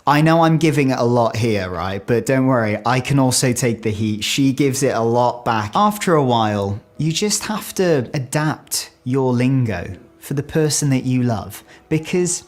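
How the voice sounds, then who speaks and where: A British man from the UK talks in a casual, self-mocking video, chatty and animated as he tells his story. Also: mid-range voice, normal speed. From United Kingdom. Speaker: video creator. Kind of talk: casual talking-head video.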